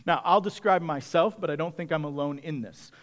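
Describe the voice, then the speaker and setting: A pastor delivering a sermon, a man with a slightly high voice for his sex. He speaks in a conversational, reflective way and addresses his congregation directly. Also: a little fast.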